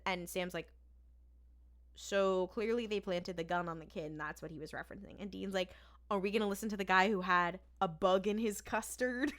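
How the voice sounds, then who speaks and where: Woman podcast co-host, bright and clear, casual animated recap. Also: medium pitch. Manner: animated retelling with quoted lines.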